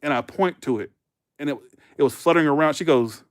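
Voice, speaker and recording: A man in his thirties chatting casually to viewers as a livestream host, rambling through stories and jumping into animated quoted voices. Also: fairly high pitch, brisk.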